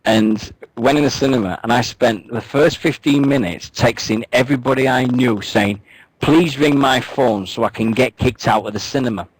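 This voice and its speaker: Joking, swearing radio co-host. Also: male voice, mid-range voice, moderate pace, husky, no room sound, rough recording. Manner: joking, swearing, rambling storyteller. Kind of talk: casual banter on a wrestling radio show.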